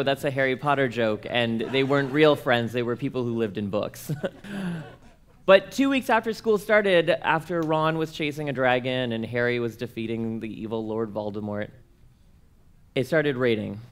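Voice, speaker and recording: At a church conference, a young man from Canada shares something that happened to him, animatedly performing the quoted voices of those involved. He speaks smoothly at a moderate pace, with a medium-pitched voice.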